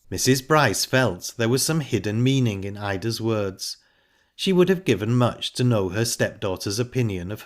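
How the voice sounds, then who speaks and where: A man reading a novel aloud as audiobook narrator in a measured, plain storytelling way. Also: on the low side. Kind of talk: scripted narration.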